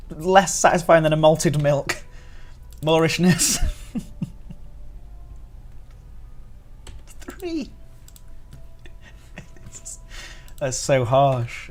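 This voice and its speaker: A man streaming live and reviewing biscuits in casual chat. He is giddy and laughs often between words. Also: mid-range voice.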